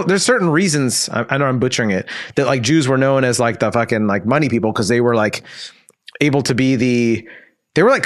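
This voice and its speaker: Rambling man with lively pitch. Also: no room sound, clean studio sound. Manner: rambling, lots of "like", jumps into high mocking voices for quoted people. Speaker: comedy podcast co-host. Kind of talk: casual comedic chat.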